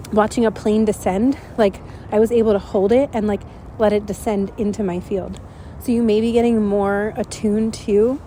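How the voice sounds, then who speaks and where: Stuffy-nosed woman channeling spirit stuff, mellow dark voice, lots of likes and ums, faint hiss behind. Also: mid-range voice. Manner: rambling, dreamy, many fillers like "like" and "um". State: congested and stuffy. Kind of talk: casual spoken channeling message. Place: outdoors at dusk.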